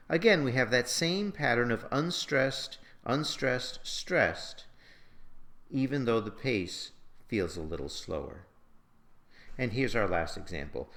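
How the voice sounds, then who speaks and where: Male lecturer, mid-range voice, very animated intonation, patient scripted teaching delivery. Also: medium pitch. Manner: explains slowly and patiently, sounding out syllables. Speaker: poetry teacher.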